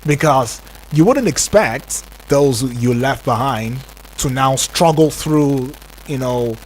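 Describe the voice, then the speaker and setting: A man with a Nigerian accent hosting a radio talk show, animated and acting out the voices he quotes. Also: mid-range voice, takes it slowly, a little hiss or hum. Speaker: radio host.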